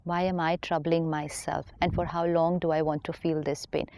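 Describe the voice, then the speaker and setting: Woman spiritual teacher, warm mellow tone, patient and persuasive. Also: sits low, level tone, normal speed, dry recording. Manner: patient, gently persuasive, acts out inner thoughts. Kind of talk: calm explanatory dialogue.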